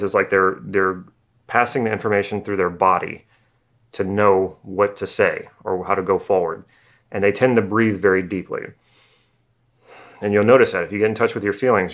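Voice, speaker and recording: A man's voice: on the low side, fairly bright tone. A man explaining NLP ideas in a casual video lesson, repeating phrases as he thinks aloud. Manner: acts out slow and fast talkers. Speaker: NLP teacher.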